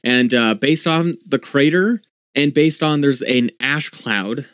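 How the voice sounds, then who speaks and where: A man in casual podcast chat who mulls ideas out loud and reads passages from articles. His voice sits at an ordinary pitch for a man, and the recording is dry and close, with no room sound. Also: takes it slowly, no room sound. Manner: thinking aloud while reading articles, restarts and fillers. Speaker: podcast co-host.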